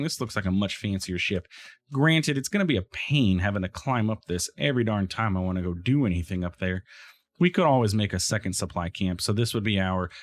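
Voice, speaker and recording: A man hosting a game let's play, thinking aloud in casual commentary and talking back to the game. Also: on the low side.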